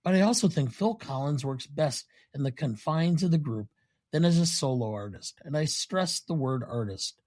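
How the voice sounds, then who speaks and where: A man on a podcast reading film quotes as a smug, cold male yuppie killer in a flat, deliberate way. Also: fairly high pitch.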